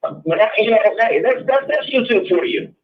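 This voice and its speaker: A man with a very high voice calls in over a dull, lo-fi phone line. He is blunt and profane, circling back to the same points again and again in a heated call-in talk. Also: expressive, normal speed. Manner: blunt, profane, repeats himself. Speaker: caller.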